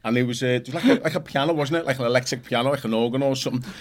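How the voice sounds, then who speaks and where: A man's voice: medium pitch, racing. A middle-aged man, a podcast guest, telling rambling stories in casual chat, swearing freely and acting out what others said. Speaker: podcast guest, former footballer.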